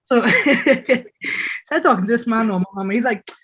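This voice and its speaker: A young man from Trinidad with a Trinidadian accent, telling quick stories and laughing in a casual podcast chat. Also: very high voice, expressive, a bit bright, slightly rough.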